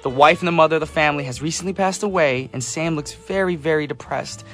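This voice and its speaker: A fast-talking American man with a voice on the high side hosts a radio show, chatting in a casual, upbeat way as he reads listener messages. He's chatty and laughs easily, and soft music plays in the background of the radio studio.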